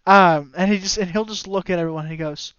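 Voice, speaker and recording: A man running a tabletop game as game master, his voice fairly high and clean. He pauses often with ums while describing scenes, heard on a slightly muffled, dry call recording. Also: a bit bright, clean tone, dry recording. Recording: slightly dull dry audio.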